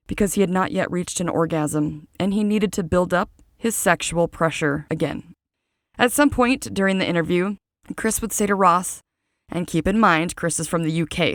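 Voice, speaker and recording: Low-voiced woman narrating true crime. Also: no echo, studio quality. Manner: reads a script with casual personal asides. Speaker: true crime podcast host.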